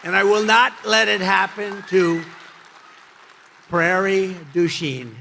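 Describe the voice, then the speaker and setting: A man addresses a rally from a podium microphone in a slightly high, gravelly voice. He repeats his phrases for emphasis and swings between loud, punchy lines and low, muttered asides. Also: fairly even intonation, slow, crowd noise, noisy background. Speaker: political speaker at a rally. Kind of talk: rally speech. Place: campaign rally before a crowd.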